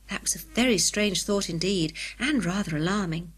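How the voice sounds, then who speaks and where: Woman reading a children's adventure. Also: medium pitch. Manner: clear, measured storybook reading. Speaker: audiobook narrator. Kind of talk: scripted narration.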